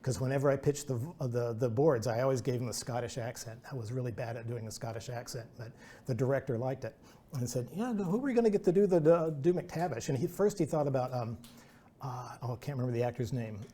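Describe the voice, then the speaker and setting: Mellow-voiced man giving a rambling talk. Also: mid-range voice, steady tone, brisk. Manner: rambling, chatty, self-deprecating with many restarts. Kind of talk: presentation talk with anecdotes.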